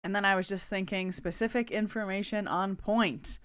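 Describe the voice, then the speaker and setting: A woman's voice: fairly low pitch, steady tone, moderate pace, a bit bright, smooth, dry recording, clean studio sound. A young adult woman hosting a podcast, telling a story in a casual, chatty way and acting out quoted dialogue. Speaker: podcast host and medium.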